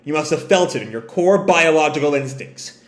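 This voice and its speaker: A man's voice: fairly high pitch, lively intonation, fairly quick, echoey room, close to an everyday voice. A man doing a cold gloating pirate.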